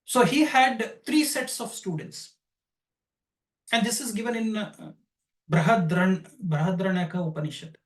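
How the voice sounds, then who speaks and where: High-voiced man teaching in a roomy space. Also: unhurried. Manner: explanatory storytelling, defines each term. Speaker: astrology teacher. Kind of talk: lecture retelling a scripture story. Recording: roomy, distant from the mic.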